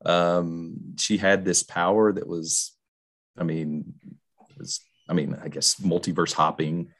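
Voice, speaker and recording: Deep-voiced man discussing a movie. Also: steady tone, slow pace, a bit bright. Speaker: podcast co-host.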